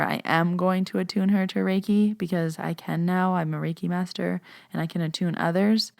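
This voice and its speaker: A woman's voice: lowish voice, gravelly, smooth, no room sound, clean studio sound. A woman podcast host and Reiki master, casually answering listener questions in a chatty monologue. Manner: casual, chatty, uses "like" often.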